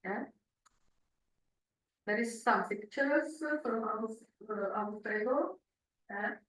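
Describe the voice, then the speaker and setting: A woman giving a conference talk on research, pausing often with "uh" and restarting phrases. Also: on the high side, fairly bright tone. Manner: halting, many "uh" fillers and restarts. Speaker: researcher presenting at a seminar. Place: lecture room. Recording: echoey lecture room, distant mic.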